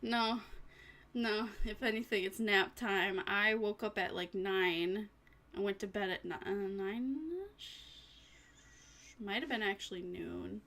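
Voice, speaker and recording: A woman's voice: medium pitch, slow, a bit bright. A tired woman streaming casually, rambling to herself and her chat with little laughs. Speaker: vtuber streamer.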